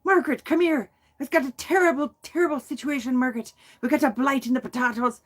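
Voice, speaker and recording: A woman's voice: sits high, fast, voice pushed up. A woman putting on an exaggerated stage-Irish accent to play villagers fretting melodramatically over their potatoes. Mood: melodramatic. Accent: put-on Irish. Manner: hammy, melodramatic, wailing.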